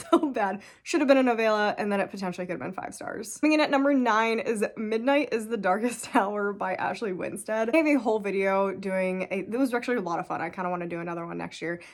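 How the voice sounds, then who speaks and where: Chatty woman reviewing books. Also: medium pitch. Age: 30s. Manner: chatty and emphatic, laughs often, lots of "like". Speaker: book reviewer. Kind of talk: casual book review vlog.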